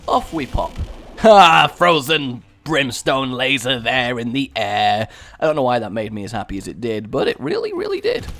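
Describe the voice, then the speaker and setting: A young Englishman talks through his game in a chatty, sarcastic ramble, his voice swinging widely in pitch and breaking into excited yelps. His pitch sits mid-range for a man. Faint game music plays underneath. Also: moderate pace. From England. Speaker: gaming YouTuber. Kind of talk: let's play commentary.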